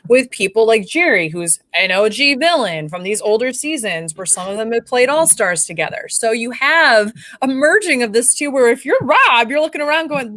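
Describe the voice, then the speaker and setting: Woman co-host, animated podcast talker, higher voice with a wide range, dry close recording. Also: normal speed, few pauses, dry recording. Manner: animated, acts out quotes from the show. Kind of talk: casual podcast chat.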